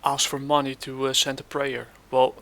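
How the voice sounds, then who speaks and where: A man hosting a commentary channel, reacting scornfully to a clip, halting often with fillers. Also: mid-range voice, completely flat delivery, gravelly, bright, forceful tone.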